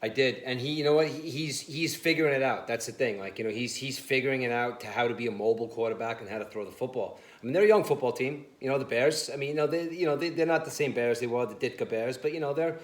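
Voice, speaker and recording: Fast-talking man in a roomy sports chat. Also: medium pitch. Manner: animated, laughing storyteller, says "listen" and "you know" a lot. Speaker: sports show co-host.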